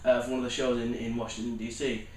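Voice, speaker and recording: A man's voice: mid-range voice, flat delivery, fast talker. A man hosting a podcast, telling stories in a rambling, sweary casual chat. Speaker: podcast host. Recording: roomy room, distant mic, faint noise.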